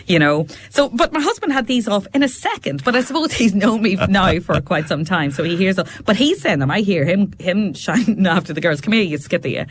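A middle-aged woman, chatting on radio as a guest, animated and laughing often as she tells stories. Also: mid-range voice, fairly quick, hardly any pauses. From Ireland, border area near Leitrim. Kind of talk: casual radio chat.

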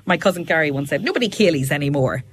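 A middle-aged woman, chatting on radio as a guest, animated and laughing often as she tells stories. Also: low-pitched, fast, a little hiss or hum. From Ireland, border area near Leitrim. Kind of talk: casual radio chat.

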